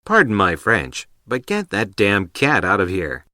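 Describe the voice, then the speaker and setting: A man reading example sentences for an English lesson in a careful, even read. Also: on the low side, unhurried, dry recording, clean studio sound.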